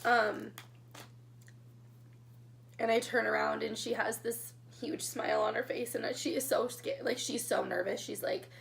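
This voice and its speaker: A young woman telling her engagement story in a casual storytime vlog, chatty and excitable, getting emotional as she talks. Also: on the high side, a little slow, gravelly, long pauses, a little hiss or hum. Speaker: vlogger.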